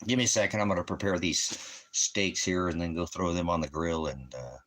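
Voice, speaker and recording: Deep-voiced man, 50s, American, profane rambling rant. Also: fairly quick, fairly bright tone. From United States. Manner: profane, ranting, loose and rambling. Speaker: channel host. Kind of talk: casual rambling monologue. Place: at home.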